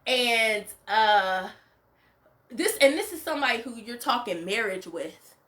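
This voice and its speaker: A woman's voice: on the high side, lively intonation, unhurried, bright, forceful tone. A woman hosting a casual reality show recap, opinionated and emphatic, full of "like" and "you know". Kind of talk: casual reaction commentary.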